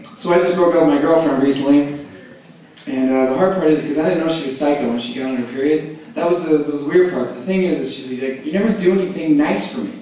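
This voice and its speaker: Brash young comedian in an echoey club. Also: male voice, a little high. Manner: brash, crude, quick bits of mimicry. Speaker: stand-up comedian. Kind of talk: stand-up comedy set. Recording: echoey club, distant mic, loud noise.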